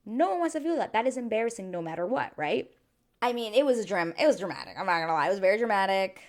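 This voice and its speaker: A woman giving a chatty, animated recap to her channel viewers, acting out quotes as she goes. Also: mid-range voice, fast. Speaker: YouTube reviewer. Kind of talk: casual recap monologue.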